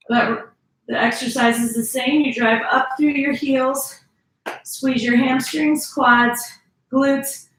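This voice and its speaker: Woman fitness instructor, slightly high voice, coaching reps, recorded from a distance in an echoey room. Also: a bit bright, a little hiss or hum. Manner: coaching, counts reps, urges squeezing. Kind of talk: workout instruction.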